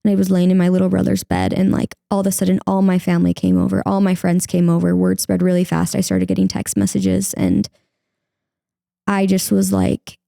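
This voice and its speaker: Young woman with a creaky, warm voice. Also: fairly low pitch, a little fast, no room sound, studio quality. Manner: candid, heavy use of "like", acts out her own past words. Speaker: podcast guest. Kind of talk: emotional personal interview.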